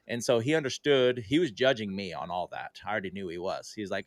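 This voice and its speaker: Here a man with a fairly low voice talks quickly as a podcast guest. His storytelling is casual and conversational, peppered with fillers and self-corrections, and he animates the quoted dialogue; the recording carries no room sound.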